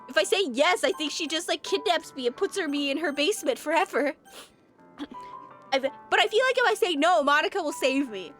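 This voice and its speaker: A young woman playing a game for the first time, reacting with shrieks and mumbling as she tries to make sense of it. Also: sits high. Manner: excitable, shrieking reactions, mumbling while puzzling. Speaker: game streamer. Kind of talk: let's play commentary.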